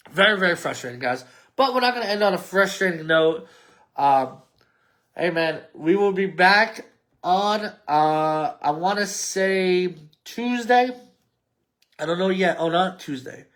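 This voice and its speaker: A man's voice: fairly high pitch, unhurried, pauses often, fairly bright tone. A man with a New York accent hosting a casual solo sports podcast, rambling and mumbling at times. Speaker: podcast host.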